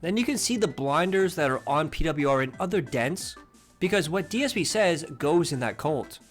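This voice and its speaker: A man narrates commentary with open scorn, mocking as he goes. His voice is fairly high and swings widely in pitch, and soft music plays underneath. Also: animated, moderate pace. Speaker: commentary channel host.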